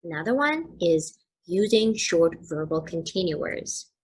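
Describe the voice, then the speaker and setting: A woman teaching an English lesson, explaining slowly and carefully with examples. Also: mid-range voice, husky.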